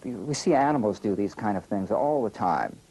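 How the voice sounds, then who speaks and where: A man coaching a student through a relaxation and breathing exercise, giving calm, slow instructions with gentle prompts. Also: lowish voice.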